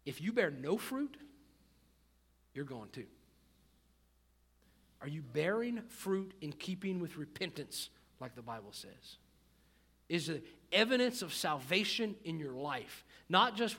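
A high-pitched man preaching a sermon. He drops into quiet, low asides, then rises into loud, emphatic stretches where he repeats words to drive a point home. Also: sing-song, a little slow, pauses often, husky. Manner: reads scripture aloud, repeats words for emphasis. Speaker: pastor.

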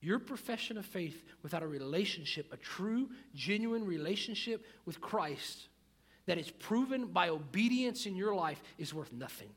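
A man preaching a sermon, reading scripture aloud and swinging between quiet, low asides and loud, emphatic passages with repeated words for emphasis. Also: animated, moderate pace. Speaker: pastor.

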